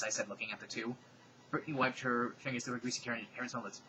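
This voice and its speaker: The recording is muffled, yet the man's medium-pitched voice still sounds bright and crisp over a faint room hum. Racing through a fan fiction passage, he plays it up for comedic drama and tosses in deadpan, sarcastic interjections.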